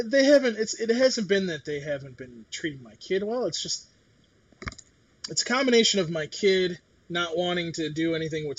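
A middle-aged man chats casually in a husky, somewhat high voice. He talks bluntly, swears freely and plays out the other people in his story. His tone stays rough and breathy throughout. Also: fairly bright tone. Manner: blunt, swears, acts out quotes. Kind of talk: casual chat.

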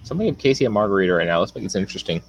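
Sarcastic male co-host, animated pitch, casual banter. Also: very fast, a little hiss or hum. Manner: sarcastic, wisecracking. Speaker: podcast co-host. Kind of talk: casual chat.

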